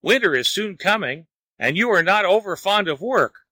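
A teasing neighbor in a folk tale, quick to laugh and mock, as a male reader plays him. The voice sits a bit high and bright. Dry, close recording. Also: lively intonation, no room sound, full character voice. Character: amused, mocking neighbor man.

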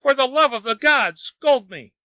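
A desperate, begging lazy man from a folk tale, as a male reader puts him on. His voice rides high and bright, wailing and pleading. The recording is dry and close. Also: animated, moderate pace, dry recording, full character voice.

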